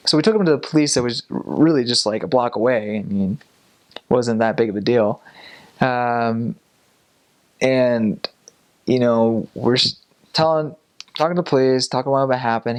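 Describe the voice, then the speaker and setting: A young man recounts a story in a casual, easygoing vlog. He is animated, laughs often and slips into the voices of the people in his story. His pitch sits in the middle for a man. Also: normal speed. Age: young adult. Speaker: former missionary telling a story.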